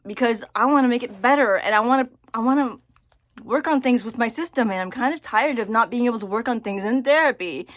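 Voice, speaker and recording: A woman talking casually to camera in a personal vlog, halting and repeating her words as she thinks aloud. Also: a little high, no room sound. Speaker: vlogger.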